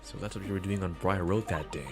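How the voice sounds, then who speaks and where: A man's voice: low voice, fast, music in the background. A man co-hosting a let's play, joking and laughing with friends over a voice call. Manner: animated, joking, laughs often. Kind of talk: casual gaming chat with friends.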